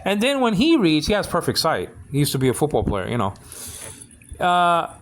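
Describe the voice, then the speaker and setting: A man giving a casual Bible Greek lesson, halting and full of restarts, often checking that listeners follow. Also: on the high side, huge pitch swings. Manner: keeps asking "you understand what I'm saying?".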